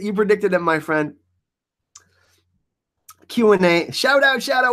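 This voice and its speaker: A man hosting a live stream in a loose, joking way, answering his chat as he goes. His voice sits a little high for a man and swings up and down a lot, so he sounds animated. He talks casually and often trips over his words while reacting to comments. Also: takes it slowly, pauses often.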